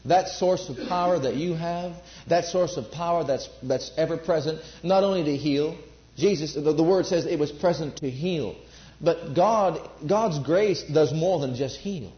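Emphatic preacher in a roomy hall. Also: male voice, a little high, a little slow. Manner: emphatic, repeats phrases, asks the audience questions. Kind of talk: sermon. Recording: roomy, dull lo-fi sermon recording.

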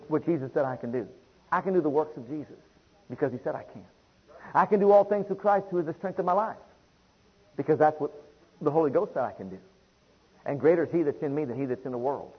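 A man's voice: on the high side, brisk, pauses often, husky, dull audio. A man preaching a sermon in emphatic, rhythmic declarations, repeating phrases and building them up.

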